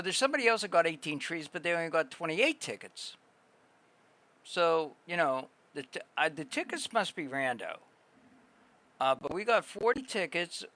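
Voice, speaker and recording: A man's voice: on the high side, pushed and bright, no echo. A man live-streaming, chatting casually with his viewers in a rambling way, full of fillers and restarts. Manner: rambling, filler-heavy, talks to chat.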